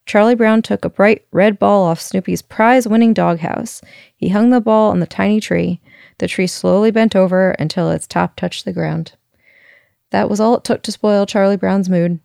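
Lively woman storyteller reading a picture book; gravelly, dry close sound. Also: mid-range voice, moderate pace, no echo. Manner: lively, chuckles as she reads.

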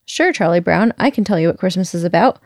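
A woman reading a storybook aloud, voicing a calm, thoughtful young boy who recites earnestly. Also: on the low side, quick pace, no echo, clean studio sound.

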